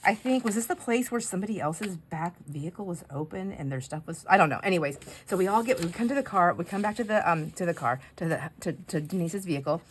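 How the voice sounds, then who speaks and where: Chatty woman craft vlogger, lowish voice. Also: animated, fast talker, few pauses, slight background noise. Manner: chatty, rambling storytelling with fillers. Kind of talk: casual chat while crafting.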